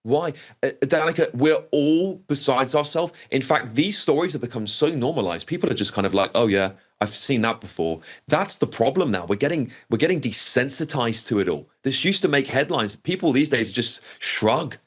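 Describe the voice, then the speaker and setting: A man's voice: medium pitch, animated, moderate pace, hardly any pauses, a bit bright, husky. A man giving emphatic, exasperated commentary on a talk show, often repeating words. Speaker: commentator guest. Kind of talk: opinionated news commentary.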